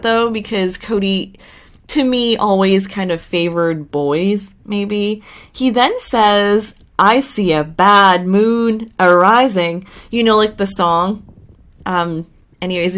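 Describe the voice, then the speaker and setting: A woman's voice: mid-range voice, a bit bright. Chatty woman recapping reality TV gossip. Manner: chatty, gossipy, with sarcastic asides. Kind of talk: casual recap commentary.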